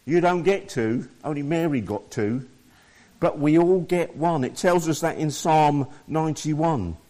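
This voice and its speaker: Slow, higher-voiced male preacher. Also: dark tone. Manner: reads scripture aloud and explains it to listeners. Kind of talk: sermon.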